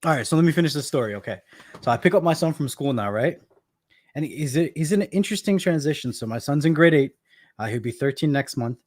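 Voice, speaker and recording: Quick and expressive, with a somewhat high pitch and darkish tone, a Canadian man in his thirties spins stories casually on his live stream. He laughs often and repeats words.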